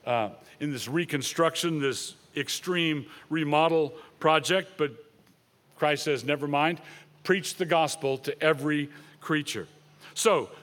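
Man preaching a sermon, pitched a bit high. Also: a bit bright. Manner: earnest expository preaching, quoting scripture aloud. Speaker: pastor.

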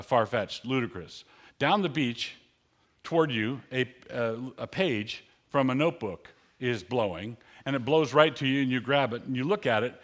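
A man's voice: mid-range voice, fairly bright tone. A man preaching a sermon in an earnest, conversational way, lifting his voice on key lines.

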